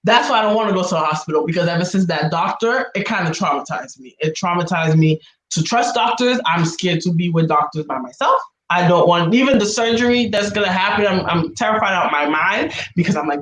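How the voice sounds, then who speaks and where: A woman, a guest, telling an upsetting personal story in a halting, emotional, repetitive way. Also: on the low side, expressive, fairly bright tone. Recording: roomy echo.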